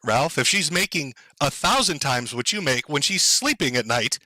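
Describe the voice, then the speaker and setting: A man's voice: a little high, animated, moderate pace, pushed and bright, no echo, poor audio. A man live-streaming sarcastic, profane commentary, mocking and sardonic as he reacts to clips.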